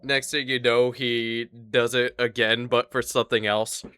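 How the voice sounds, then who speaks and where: A man from the American South co-hosting a casual podcast, telling stories in a relaxed, rambling way. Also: medium pitch, unhurried, heavy background noise. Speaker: podcast co-host.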